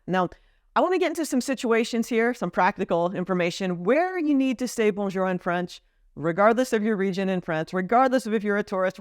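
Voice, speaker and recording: A woman's voice: mid-range voice, no echo, studio quality. A woman vlogger casually explaining etiquette, now and then acting out short example lines.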